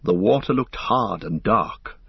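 A man narrating a storybook with steady, even reading, on a dull lo-fi recording. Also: on the low side, measured pace, creaky, husky, no room sound. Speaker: audiobook narrator.

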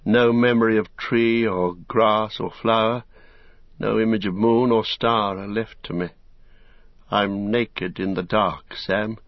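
A man's voice: on the low side, no room sound, muffled recording. A man voicing a weary, burdened male hobbit who speaks in anguished, pleading tones. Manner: anguished, pleading, breaking into cries.

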